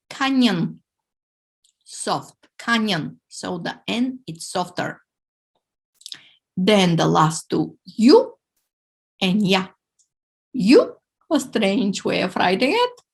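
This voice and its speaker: A woman teaching a language lesson, sounding out words slowly and carefully for learners to repeat. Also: medium pitch, husky.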